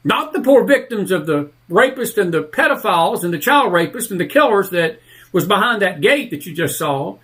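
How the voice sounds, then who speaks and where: A male talk radio host ranting through heated political commentary, fired up and leaning hard on drawn-out emphatic words. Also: sits high, very animated, a bit bright, husky.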